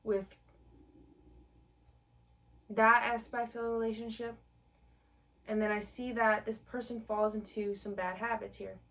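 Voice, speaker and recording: A woman's voice: a little high, little pitch movement, unhurried, pauses often, fairly bright tone, distant mic. A woman giving a collective tarot reading in a chatty, conversational way, with many fillers and direct address to the viewer. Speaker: tarot reader.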